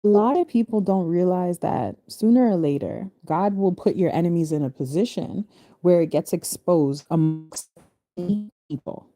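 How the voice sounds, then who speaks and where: Mellow-voiced woman musing on scripture. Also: fairly low pitch, moderate pace. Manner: reads verses then explains them in loose chatty asides; laughs easily, restarts phrases. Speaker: spiritual reader. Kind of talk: casual scripture reading and commentary.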